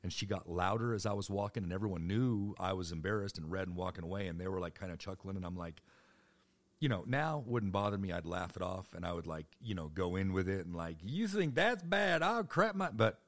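A man in his thirties tells rambling personal stories casually and fast, with no echo. He's animated and keeps slipping into high-pitched voices for the other people in his tales.

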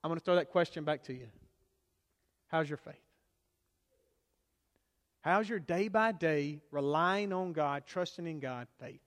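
A man preaching a sermon to a church congregation, swinging between loud emphasis and hushed, quiet lines. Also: on the high side, unhurried, pauses often. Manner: preaching with dramatic swings from loud to hushed, acting out quoted voices. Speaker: pastor. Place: church sanctuary. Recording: long hall reverb.

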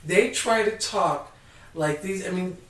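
A woman talking casually in a group chat with drawn-out phrasing. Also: on the low side, slight background noise. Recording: distant in an echoey room.

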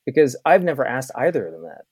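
Reflective man talking with halting restarts. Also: medium pitch, sing-song, a little mellow, slightly rough, no echo. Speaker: podcast guest, author. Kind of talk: casual conversation.

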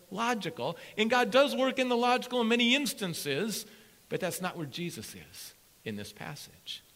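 A male pastor delivering a sermon with a high, bright voice that leaps up and down in pitch. He is energetic and playful and hammers his key words through repetition. His voice carries a long reverb from a church hall. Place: church sanctuary with congregation.

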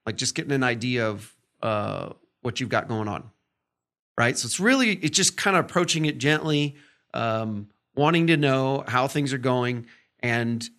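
A man hosting a podcast, talking casually as he teaches. He keeps checking in with "right?" and "okay?" and slips into short acted-out examples to show different tones. His pitch sits in the middle for a man. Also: moderate pace, a bit bright. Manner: conversational, full of fillers and "right?" check-ins. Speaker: podcast host.

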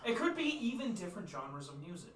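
A man's voice: sits high, very animated, fast talker, fairly bright tone. A man interviewing a rapper, asking easygoing questions and reacting eagerly. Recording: roomy echo, distant from mic, faint noise.

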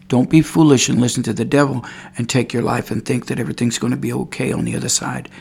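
A man's voice: medium pitch, steady tone, brisk, gravelly, darkish tone, slightly rough. A man preaching an informal sermon, rambling and repeating himself, and sometimes growing fervent. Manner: rambling, repeats words, grows fervent and cries out praise.

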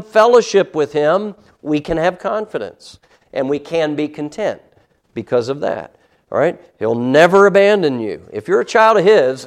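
A man leading a Sunday school lesson, his speaking voice sitting a little high for a man. He talks in a relaxed, conversational way, often checking in with his listeners and leaning hard into the verses he quotes. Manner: conversational, frequent "all right?" check-ins, emphatic on scripture. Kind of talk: Bible lesson.

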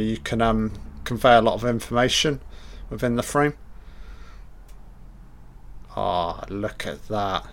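Slow-talking man giving casual film commentary. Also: medium pitch, a bit bright, clean tone. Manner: casual, profane, enthusiastic remarks.

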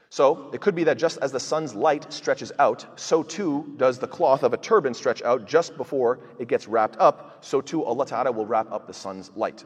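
A man's voice: mid-range voice, in a large hall. A man teaching Quran tafseer, explaining verses with rhetorical questions and frequent fillers. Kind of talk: tafseer lecture.

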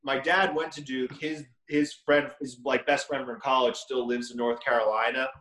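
A man's voice: mid-range voice, flat delivery, moderate pace, fairly bright tone. A young man co-hosting a podcast, arguing bluntly in casual chat and swearing freely. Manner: blunt, profane, argumentative. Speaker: podcast co-host. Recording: echoey room.

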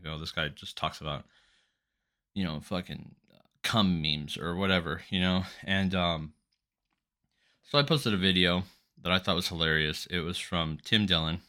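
Young man, deep voice, sharp bright tone, profane rambling rant, solo podcast. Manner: profane, ranting, swings between mumbling and loud outbursts. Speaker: podcast host.

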